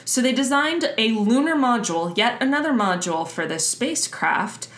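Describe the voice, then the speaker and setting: A woman's voice: fairly high pitch, expressive, moderate pace, fairly bright tone. Woman cohost rambling thru some space history, casual, fillers everywhere, echoey room. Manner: loose, chatty explaining with fillers. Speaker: podcast co-host. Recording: roomy echo.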